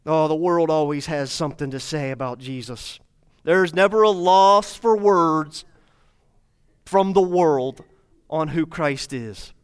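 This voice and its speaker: A man's voice: fairly high pitch, slow, clear, resonant tone. A man preaching a sermon as pastor, speaking to his congregation with repeated phrases and rhetorical questions. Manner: repetitive, rhetorical questions, addresses congregation directly.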